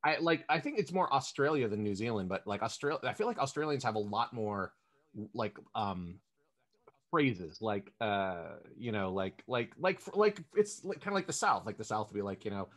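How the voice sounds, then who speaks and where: Rambling man with a lively voice. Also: on the low side, normal speed. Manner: rambling, many fillers. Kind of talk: casual chat.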